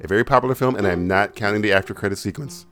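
A man's voice: on the low side, rapid-fire, fairly bright tone, soft background music. A man hosting a casual podcast quiz game who laughs often, swears freely and teases his guests. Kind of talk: casual chat.

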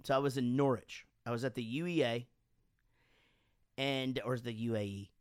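A man casually telling animated stories on a podcast, swearing freely and acting out quotes, sounding a bit drunk. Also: mid-range voice, normal speed, clean tone, dry recording, clean studio sound. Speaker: podcast host and band frontman. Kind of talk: casual storytelling chat.

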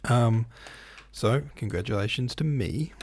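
A man's voice: medium pitch, unhurried, slight background noise. A man hosting a casual solo podcast, talking in a rambling, hesitant way with many fillers and restarts. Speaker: podcast host and novelist.

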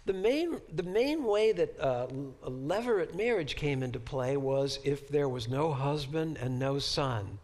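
A man professor giving a Bible lecture to a class, halting and repeating words as he searches for phrasing and asking rhetorical questions. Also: a little high, big pitch swings, a little mellow.

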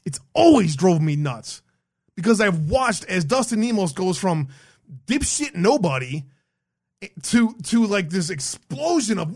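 A man's voice: high-pitched, big pitch swings, unhurried, darkish tone. A man hosting an online show, ranting with heavy swearing, blunt and rambling, often restarting his sentences. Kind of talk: heated ranting commentary.

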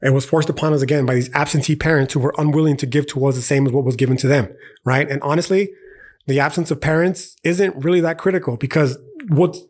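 A man's voice: on the high side, fairly even intonation, fast, a little mellow. A young man with a slightly raised voice rants on a casual podcast. He is heated and profane, and he keeps punching his points with slang and a repeated "okay". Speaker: podcast host. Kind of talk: casual philosophical rant.

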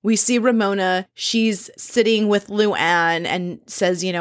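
Woman host recapping a show, chatty and gossipy, mid-pitched, slips into quoted lines. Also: fairly even intonation, slow pace. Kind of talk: casual episode recap.

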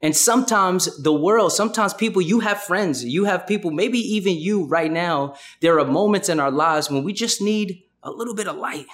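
Male pastor, fairly high voice, fervent sermon delivery. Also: normal speed, few pauses, a bit bright. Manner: impassioned preaching, ending in a rhythmic rapped prayer.

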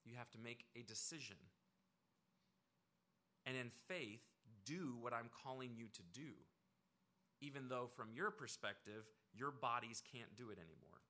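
A pastor preaches a sermon in a bright, sharp, medium-pitched voice, expressive and moderately paced. He addresses the congregation conversationally and drives his points home with emphatic repetition.

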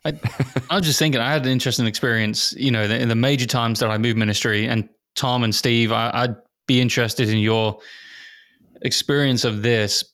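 A man's voice: medium pitch, steady tone, brisk, fairly bright tone, dry recording. A man, a missionary pastor, telling ministry stories with earnest, self-deprecating humor in a round-table talk. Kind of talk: reflective conversation among pastors.

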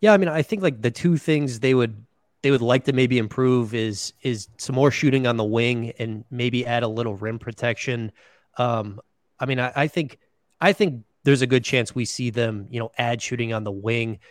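A man guesting on a sports podcast talks things through in a loose, thoughtful way, padding his points with "you know" and "like". His voice sits at an ordinary middle pitch. The sound is dry and close. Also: moderate pace, no echo. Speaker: guest, beat writer. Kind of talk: casual podcast interview.

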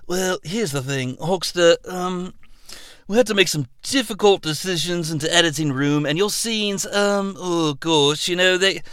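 A man voicing a quiet, halting film director breaking bad news. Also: sits high, smooth, dry recording, clean studio sound. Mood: apologetic. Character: soft-spoken hesitant male film director.

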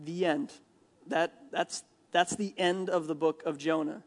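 Guy preaching a sermon in church, fairly high voice, lively and jokey, acts out the quotes. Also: a little slow. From Minnesota. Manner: animated, jokey asides, acts out quoted lines. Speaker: pastor.

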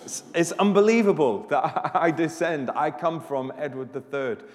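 A man preaching a sermon as pastor, animated and rising to loud emphasis on his questions. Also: a little high, normal speed. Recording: live church recording with long hall reverb.

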